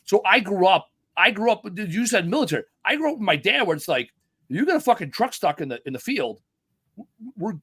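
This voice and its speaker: A middle-aged man talks fast and swears freely, hosting a casual podcast with rambling stories. His voice sits a bit high for a man. The sound is dry and close, with no room in it. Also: very animated, a bit bright, breathy edge, no echo. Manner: profane, rambling storyteller. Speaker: podcast host.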